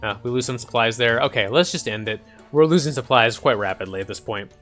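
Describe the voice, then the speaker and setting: A man's voice: mid-range voice, brisk, a bit bright. A man hosting a casual let's-play, chatting and reading game text aloud. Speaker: gaming channel host. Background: faint game music.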